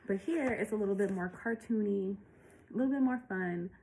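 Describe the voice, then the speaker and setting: A woman's voice: mid-range voice, a little fast, vocal fry, mellow, slight background noise, low-quality recording. A woman illustrator walking through her picture book in a casual, chatty way, out of breath and laughing often.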